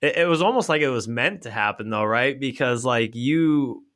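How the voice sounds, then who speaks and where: A man hosting a podcast speaks at a middle pitch. He reacts to his guest in a laid-back, encouraging way and slips in casual swearing. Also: expressive, normal speed, a bit bright. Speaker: podcast host. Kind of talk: casual interview chat.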